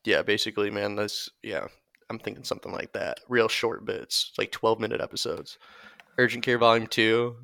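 A young man co-hosting a podcast, swearing freely and laughing as he pitches comedy sketch ideas. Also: brisk, gravelly, bright, forceful tone, no echo. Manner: riffs on skit ideas, swears, laughs often. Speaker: podcast co-host. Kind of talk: casual crude comedy chat.

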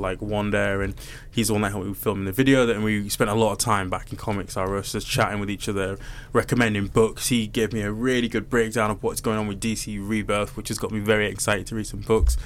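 A man casually telling his co-hosts about a trip, lively and animated as he recounts the people he met. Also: lowish voice, fast talker, few pauses. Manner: animated storyteller, acts out the people he quotes. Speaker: podcast co-host. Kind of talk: casual chat.

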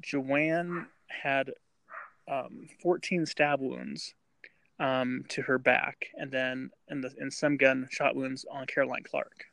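A man's voice: medium pitch, flat delivery, slow pace, vocal fry, fairly bright tone, dry recording. A man co-hosting a casual true-crime podcast, telling the story with many fillers and restarts. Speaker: podcast co-host.

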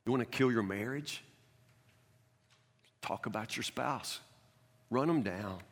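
A man preaching a sermon as a pastor in a conversational, animated way, recorded in a church sanctuary. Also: medium pitch, slow. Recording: long reverb of a large church hall.

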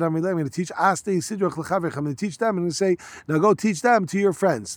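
Man, Talmud teacher, reads then explains, slightly high voice, dry close sound. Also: dry recording. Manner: reads Aramaic lines then explains in casual English with yeshiva terms. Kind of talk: Talmud study lesson, reading and translating.

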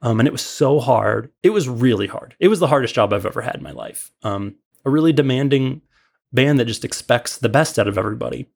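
A man's voice: mid-range voice, animated, a little fast, vocal fry, a little mellow, breathy edge. A man from Illinois telling a long, rambling story as a podcast guest, full of fillers and restarts. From Illinois, USA. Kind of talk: casual storytelling.

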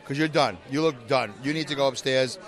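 A man's voice: medium pitch, fairly quick, a bit bright. A man co-hosting a podcast in casual chat, joking and teasing his co-host. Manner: joking, teasing, self-mocking. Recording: crowd noise behind.

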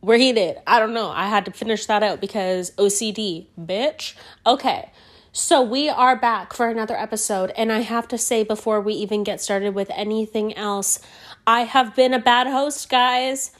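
A woman hosting a solo podcast, hoarse from a cold, talking in a rambling, profane and playfully sassy way. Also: medium pitch, steady tone, normal speed. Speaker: podcast host.

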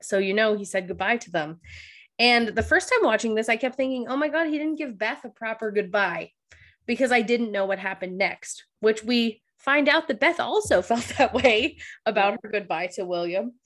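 A woman's voice: a little high, lively intonation, normal speed, a bit bright. Tearful chatty woman podcaster. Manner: emotional, tearful, laughing through sobs. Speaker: podcast co-host. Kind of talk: casual recap chat. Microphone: studio microphone.

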